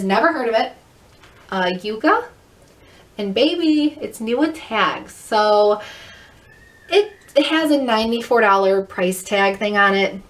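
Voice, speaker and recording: Chatty, quick-talking woman vlogger, mid pitch, recorded in an echoey room a little off mic. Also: distant mic. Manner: fast, chatty, upbeat. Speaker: thrift reseller vlogger. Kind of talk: casual haul vlog.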